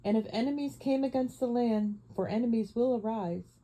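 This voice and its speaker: Solemn male lion king, grave and commanding, deep mellow tone , read by a woman. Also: moderate pace, close to an everyday voice, poor audio.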